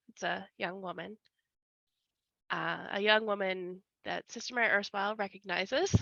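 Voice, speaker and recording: Bright, gravelly woman narrating slowly. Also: mid-range voice, steady tone, dry recording. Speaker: player. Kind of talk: narrating a scene in a tabletop game. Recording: dull lo-fi recording.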